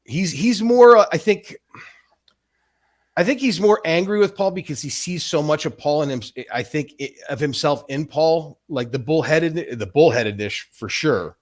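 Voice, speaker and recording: A man's voice: a little high, moderate pace. A man in his forties on a casual livestream, talking in long rambling runs with many restarts and frequent swearing. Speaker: stream host.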